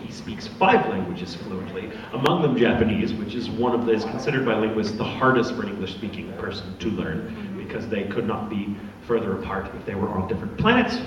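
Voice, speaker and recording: A man's voice: fairly low pitch, distant mic, highs cut off. Guy voice actor doing a con panel q&a, jokey, swears a lot, super echoey hall, crowd noise. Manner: animated, joking, swears freely. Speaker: voice actor answering fan questions. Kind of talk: convention panel Q&A. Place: large convention hall with audience.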